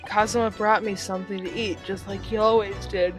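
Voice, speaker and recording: A woman's voice: mid-range voice, steady tone, brisk, close to an everyday voice, low-quality recording. A woman voicing an earnest young male law student, shaken but determined, reading a game scene in her own voice. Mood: pleading. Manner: pleading, then resolute. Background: game music.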